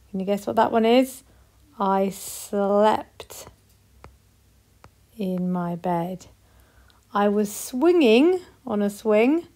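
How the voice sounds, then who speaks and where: British woman, primary teacher, patient and encouraging, models sentences slowly. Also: mid-range voice, warm tone. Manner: slow, clear, encouraging, models example sentences. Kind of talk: recorded classroom lesson for young children.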